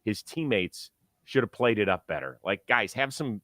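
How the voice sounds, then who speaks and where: Guy hosting a baseball talk show, excited and jokey, dry close studio sound. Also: fairly low pitch, normal speed, no room sound. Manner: enthusiastic, joking. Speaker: sports talk show host. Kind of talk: casual sports talk and ad read.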